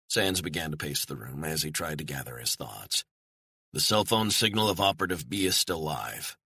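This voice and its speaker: A deep-voiced man reads a thriller audiobook in a steady, measured way. His voice is forceful with a husky grain. The close-mic recording is completely dry. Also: no room sound. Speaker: audiobook narrator. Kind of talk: scripted narration.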